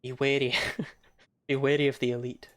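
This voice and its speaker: Low-voiced woman streaming a game. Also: little pitch movement, moderate pace. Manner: chatty, swears freely, laughs often; reads game text aloud. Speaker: streamer playing a video game. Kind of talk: casual gameplay commentary.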